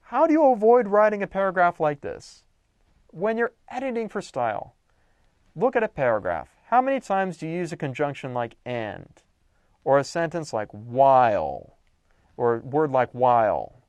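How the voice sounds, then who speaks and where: A man's voice: mid-range voice, a little mellow, no echo. A young adult man giving a recorded lecture on writing, teaching with emphatic, playful exaggeration.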